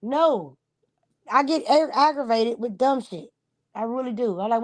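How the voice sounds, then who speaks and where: A woman with a fairly high voice talks bluntly on a casual livestream, piling up pointed questions and swearing freely. Her voice sits close and dry, with no room echo. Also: expressive, measured pace. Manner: blunt, profane, emphatic. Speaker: livestream host.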